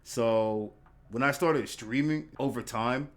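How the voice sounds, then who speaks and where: Halting male podcast host. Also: medium pitch. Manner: halting, repeats words, many "you know" fillers. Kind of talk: casual interview chat.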